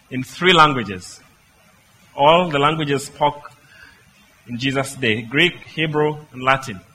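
A man's voice: on the high side, bright, forceful tone, slight background noise, poor audio. A man preaching a sermon, speaking emphatically and putting rhetorical questions to his listeners.

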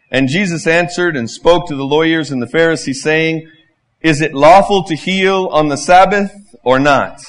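With a mid-range voice, this middle-aged pastor preaches passionately. He repeats himself, poses rhetorical questions, and alternates between loud declarations and hushed passages.

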